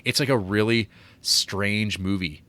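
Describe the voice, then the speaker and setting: A man's voice: fairly low pitch, unhurried, bright, forceful tone. A man co-hosting a film podcast, chatting casually in a rambling way with lots of fillers. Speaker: podcast co-host. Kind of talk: casual film review chat.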